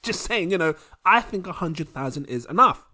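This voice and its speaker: A young man hosting a casual crypto vlog, animated and laughing often. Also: a little high, normal speed. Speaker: crypto video host.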